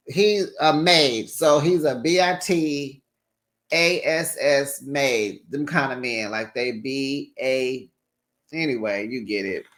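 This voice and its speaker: A man's voice: mid-range voice, fairly bright tone. A tired man giving a casual, sassy recap of a reality show, chatting to his viewers with slangy asides.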